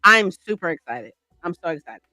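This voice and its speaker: A woman's voice: lowish voice, lively intonation, moderate pace, bright, forceful tone, no room sound. A woman chatting on a livestream, rambling and gushing with lots of "like" and "right?". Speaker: streamer. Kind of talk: casual livestream chat.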